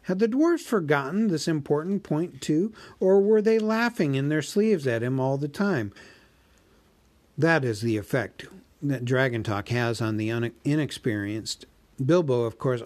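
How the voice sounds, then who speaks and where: Guy reading a book out loud, really slow and even, mid pitch. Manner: slow, measured narration. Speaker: reader. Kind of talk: reading a novel aloud.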